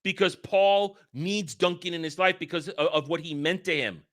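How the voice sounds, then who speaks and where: Man, bright forceful voice, slightly high, animated, rambling, casual movie chat. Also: moderate pace. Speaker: podcast host.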